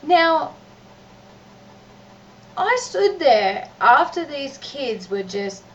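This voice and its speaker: A high-pitched woman rants in a vlog, emphatic and exasperated, often breaking off and restarting. She sounds set back from the microphone. The recording is dull and lo-fi with faint noise behind her. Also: big pitch swings, very slow, far from the mic. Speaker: mother and vlogger. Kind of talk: ranting vlog monologue.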